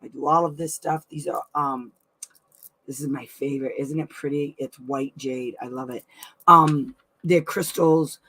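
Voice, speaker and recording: A woman's voice: very deep voice, fairly even intonation, unhurried, sharp tone, slightly rough. A middle-aged woman hosting a weekly live advice stream from home, chatting effusively and laughing often. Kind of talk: casual live-stream chat.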